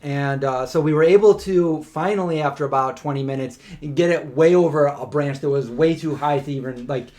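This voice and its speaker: A man co-hosting a live question-and-answer stream, telling a story in a casual, animated way with lots of filler words. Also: fairly high pitch, fairly quick, hardly any pauses. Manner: animated, chatty, many "like" fillers.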